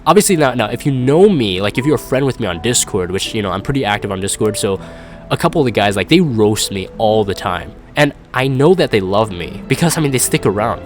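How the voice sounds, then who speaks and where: Rambling low-voiced gaming streamer. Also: male voice, expressive, brisk, soft background music. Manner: rambling, self-deprecating, chuckles often. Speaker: gaming YouTuber. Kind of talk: casual stream chat, reading live comments.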